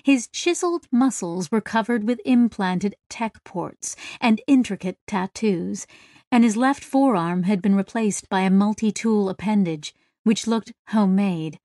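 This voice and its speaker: Female audiobook narrator, unhurried and even, dry close mic. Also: medium pitch, no room sound. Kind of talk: scripted narration.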